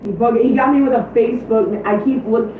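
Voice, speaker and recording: Woman, livestream co-host, hoarse, profane and quick, distant mic in a boomy room. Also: steady tone, very echoey, phone-quality sound, a little hiss or hum. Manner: swears freely, rapid storytelling. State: voice getting hoarse. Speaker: streamer co-host. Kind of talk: casual livestream chat.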